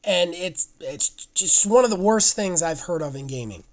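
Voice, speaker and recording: Male podcast co-host, excitable, rambles, casual delivery. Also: high voice, normal speed.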